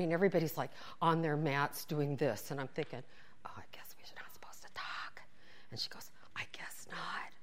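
A woman telling a funny personal story, acting out what everyone said, dropping to whispers and breaking into laughter. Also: mid-range voice. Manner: animated, acts out quotes, whispers asides, laughs while telling.

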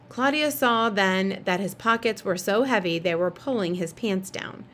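A woman narrating a children's novel in a steady, expressive reading voice. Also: mid-range voice, normal speed, hardly any pauses. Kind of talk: storybook read-aloud.

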